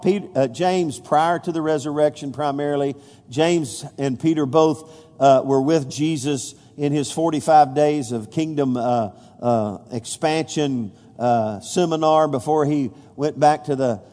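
A man's voice: fairly high pitch, steady tone, unhurried, dark tone. A pastor preaching a folksy sermon, stumbling over fillers and restarts, then rising with emphasis when he reads scripture. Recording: long reverb of a large hall.

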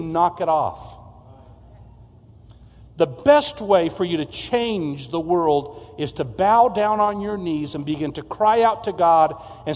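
A man with a high, light voice delivers a storytelling sermon as pastor, earnest and emphatic, and he often repeats his phrases. His words ring out with a long reverb, as in a large church sanctuary. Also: darkish tone.

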